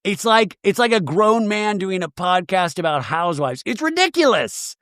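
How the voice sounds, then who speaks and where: A man's voice: high-pitched, normal speed, a bit bright, smooth, dry recording, studio quality. A man hosting a comedic recap podcast, sarcastic and mimicking quotes in exaggerated voices. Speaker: podcast host recapping a reality show.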